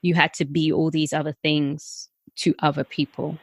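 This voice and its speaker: A woman's voice: sits low, little pitch movement, moderate pace, husky, no room sound. A woman hosting a podcast interview, speaking in an affirming, encouraging way. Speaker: podcast host. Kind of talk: casual interview talk.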